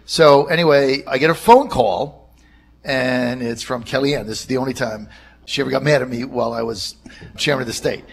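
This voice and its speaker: A man's voice: medium pitch, moderate pace, vocal fry, husky. A man hosting a talk radio show who speaks bluntly and spins anecdotes. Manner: blunt, storytelling. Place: radio studio.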